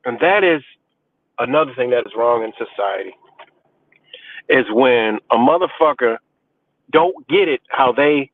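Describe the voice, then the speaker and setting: A man's voice: sits high, dry recording. A man hosting a live stream, ranting about a message with profane, boastful scorn. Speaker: livestream host. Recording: dry, tinny phone-like sound.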